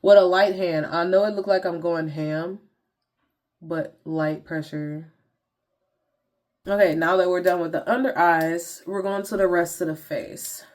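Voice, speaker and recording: A woman's voice: on the low side, steady tone, unhurried, a little mellow. A young woman vlogger chatting casually to viewers in slangy talk while walking through her skincare routine. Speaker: beauty vlogger.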